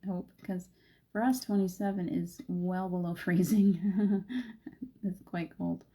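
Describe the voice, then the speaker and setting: A woman's voice: lowish voice, steady tone, slow pace, warm tone, husky. A woman hosting a chatty spiritual live stream and guiding a meditation, laughing often. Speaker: spiritual host.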